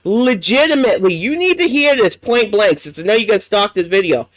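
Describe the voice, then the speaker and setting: A high-voiced man delivers a heated, profane reaction commentary, blunt and relentless. The sound is dry and close, with no room around it. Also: animated, brisk, a bit bright, dry recording, rough recording. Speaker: livestream commentary host.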